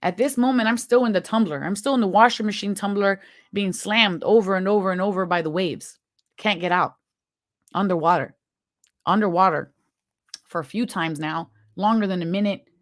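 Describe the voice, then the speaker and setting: A woman tells her own story in an earnest, halting way, with emotion rising under her words. Her voice sits at an ordinary middle pitch. The recording is dry and close, with no room sound. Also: no room sound. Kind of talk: personal story told to viewers.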